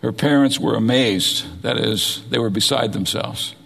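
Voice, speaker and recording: A man's voice: mid-range voice, unhurried, creaky, fairly bright tone, slightly rough, long reverb tail. A man preaching a sermon, reading scripture aloud and explaining it verse by verse. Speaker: pastor.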